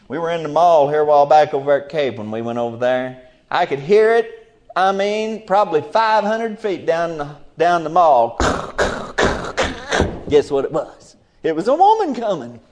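A fiery Bible sermon comes from a middle-aged preacher who goes from hushed murmurs to loud, sudden exclamations.

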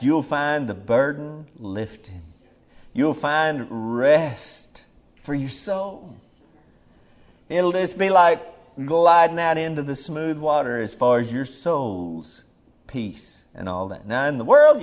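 Brief: male preacher mid-sermon, emphatic, drops soft, then rises loud and urgent. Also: fairly high pitch. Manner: emphatic, swings between soft murmurs and loud urgent calls.

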